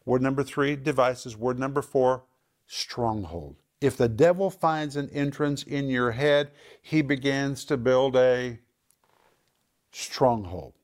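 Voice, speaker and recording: A man teaching scripture on a broadcast program, his voice sitting at an ordinary middle pitch. He hammers his points home by repeating words and slows right down on the key terms. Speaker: Bible teacher.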